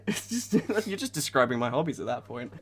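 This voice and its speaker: A podcast co-host in casual comedic chat, playful and quick-witted, laughing often, on a remote call. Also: medium pitch, very animated, a bit bright, husky.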